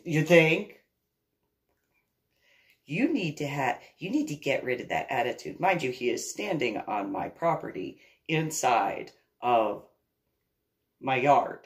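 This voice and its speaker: A woman casually telling a long personal story in a rambling, animated way, with laughs and restarts along the way. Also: low-pitched.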